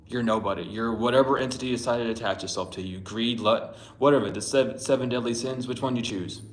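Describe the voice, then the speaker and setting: Man, tarot reader, blunt and profane, mid pitch, echoey room. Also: quick pace, slight background noise. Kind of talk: casual spiritual reading rant. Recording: roomy echo.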